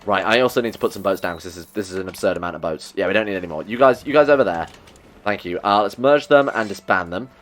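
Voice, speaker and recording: A man hosting a strategy game playthrough, talking excitedly to his in-game characters and joking at his own mistakes. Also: low-pitched, fast talker. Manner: self-mocking asides. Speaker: gaming video host. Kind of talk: let's play commentary.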